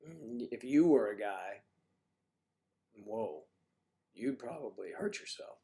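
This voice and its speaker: A man hosting a casual livestream, chatting with viewers in a hoarse, husky voice and clearing his throat often. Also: lowish voice, animated, slow, warm tone. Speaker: livestream host.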